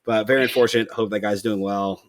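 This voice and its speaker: A man's voice: lowish voice, steady tone, fast talker. A young man hosting a podcast, chatting casually, rambling with lots of fillers and swearing freely. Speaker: podcast host. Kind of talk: casual chat.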